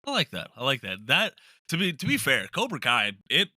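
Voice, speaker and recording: A man's voice: medium pitch, wildly swooping pitch, brisk, pushed and bright, dry recording. A man hosting a podcast in an easygoing, affirming way. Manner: easygoing, affirming, light laughs. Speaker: podcast host. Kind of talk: casual podcast chat.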